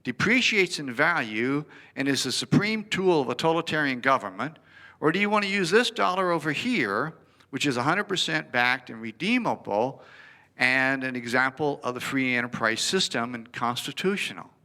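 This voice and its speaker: A man giving a presentation, an animated storyteller who acts out the dialogue. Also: medium pitch, normal speed.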